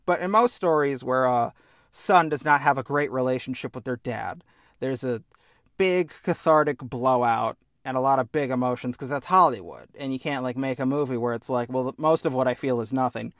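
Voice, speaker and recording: A man's voice: medium pitch, moderate pace, no room sound, clean studio sound. A man casually chatting about a video game on a podcast, earnest and heartfelt, with a self-deprecating sense of humor. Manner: earnest, heartfelt, animated storytelling. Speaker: podcast co-host.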